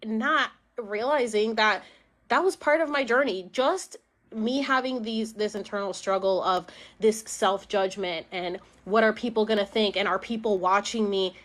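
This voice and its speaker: A woman's voice: medium pitch, unhurried, fairly bright tone. A young woman casually telling a personal story on a live stream, chatty, with many fillers and acted-out quotes. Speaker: podcast host.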